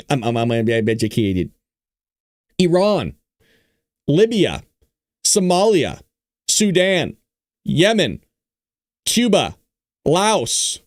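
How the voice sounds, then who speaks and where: A man from California hosting a casual political commentary livestream, talking in an animated, sarcastic way with mock-dumb asides. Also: a little high, no room sound, clean studio sound. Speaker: host of a livestreamed political talk show.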